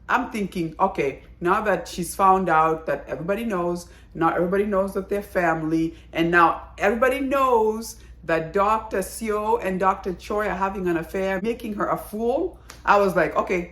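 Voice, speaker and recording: A woman talks through a drama in a casual video review. She is chatty and animated, exclaiming as she goes, and her mid-pitched voice carries the echo of a roomy space. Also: moderate pace.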